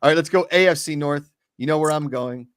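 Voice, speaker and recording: A man co-hosting a casual sports talk show, handing out opinionated picks with a joking edge. His voice sits a little high for a man. The sound is dry and close, with no room echo. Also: a little fast, clear, resonant tone.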